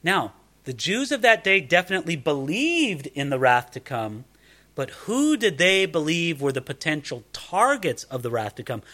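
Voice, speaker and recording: A man preaching a sermon, animated and conversational, often asking rhetorical questions. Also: a little high, moderate pace. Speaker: pastor.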